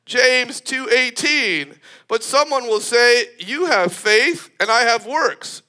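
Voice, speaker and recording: A man preaching a sermon in an animated, emphatic way, often breaking into laughter. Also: extremely high pitch, takes it slowly.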